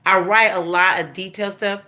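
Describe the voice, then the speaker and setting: A woman's voice: medium pitch, fairly even intonation, a little fast, bright, forceful tone. A woman, hosting a casual spiritual livestream from her phone, talking loosely and breaking off to speak to her family. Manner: chatty, breaks off to talk to family off camera. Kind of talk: casual live-stream talk.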